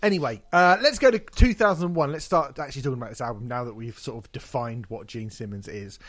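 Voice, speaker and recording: A man hosting a podcast, telling stories in an animated, swearing, laughing way. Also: mid-range voice, fast. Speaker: podcast host. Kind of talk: casual chat.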